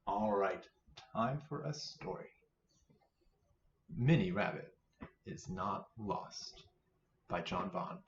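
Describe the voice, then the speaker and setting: A man hosting a children's storytime, reading picture books aloud in an animated, playful way. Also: mid-range voice, measured pace. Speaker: children's librarian, storytime host. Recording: roomy, slightly dull sound.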